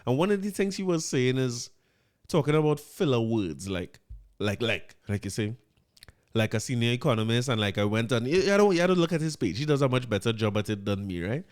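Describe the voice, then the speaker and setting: A man's voice: mid-range voice, animated, brisk. A man with a Trinidadian accent hosting a podcast, giving casual commentary in an incredulous tone and repeating words when he gets riled up. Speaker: podcast host.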